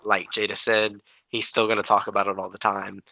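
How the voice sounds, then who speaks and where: A man's voice: fairly low pitch, level tone, fairly quick, sharp tone, no room sound, poor audio. A man co-hosting a casual podcast chat, blunt and joking. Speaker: podcast co-host.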